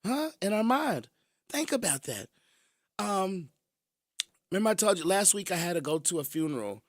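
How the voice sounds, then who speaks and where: A man hosting a radio show, telling stories in an animated way and chuckling as he talks. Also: sits high, moderate pace, no room sound, studio quality. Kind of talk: casual radio storytelling.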